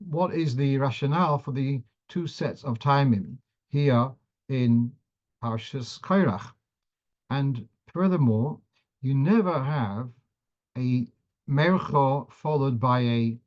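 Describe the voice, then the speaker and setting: A man's voice: mid-range voice, darkish tone, lo-fi sound. A man teaching a class on the cantillation of Torah readings, who often restarts phrases as he explains and sometimes chants verses.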